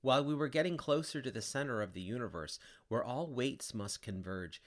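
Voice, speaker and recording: A man giving an expressive, theatrical reading of epic poetry. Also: medium pitch, fairly quick. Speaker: reader.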